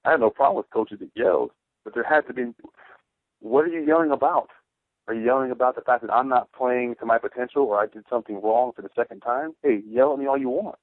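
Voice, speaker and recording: Emphatic ex-player on sports radio, tinny. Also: male voice, medium pitch, fast talker, no echo. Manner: emphatic storytelling, repeats phrases. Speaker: radio co-host, former pro football player. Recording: tinny phone-like radio broadcast, dry.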